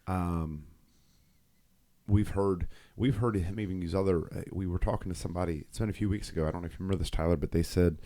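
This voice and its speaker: A man's voice: low voice, fairly even intonation, quick pace, warm tone. A middle-aged man co-hosting a podcast, telling a rambling faith story with many fillers and restarts. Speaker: podcast co-host. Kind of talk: casual faith talk.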